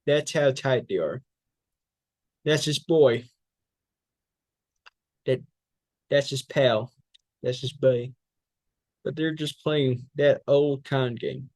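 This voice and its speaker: A man's voice: mid-range voice, slow pace, pauses often, darkish tone, no echo. Man reciting a fiery political speech. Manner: fiery oratory with rhetorical questions and repetition. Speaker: public speaking student. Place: speech training class.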